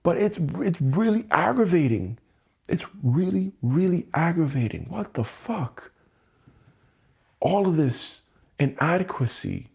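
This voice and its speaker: Husky, exasperated man venting late at night. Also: very animated, measured pace, darkish tone. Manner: angry, swearing, exasperated; keeping his voice low so as not to wake someone. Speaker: livestream host. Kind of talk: emotional livestream venting. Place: home at night.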